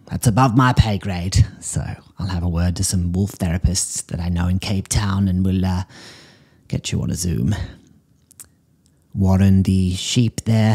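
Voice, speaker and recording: A man doing a husky pet psychic lady. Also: lowish voice. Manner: breezy, deadpan, calls everyone darling. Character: eccentric middle-aged woman pet psychic. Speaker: host. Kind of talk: improvised character comedy monologue.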